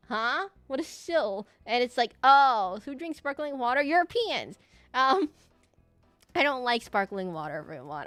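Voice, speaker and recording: A woman's voice: fairly high pitch, fairly bright tone, no room sound. A young woman streamer chatting casually with her live audience, rambling with many fillers, restarts and laughs.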